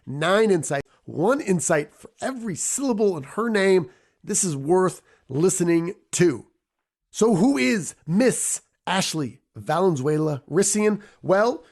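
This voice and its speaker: Man, podcast host, emphatic, playful, fairly high pitch. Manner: playful, emphatic, repeats for effect. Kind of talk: energetic podcast intro and interview.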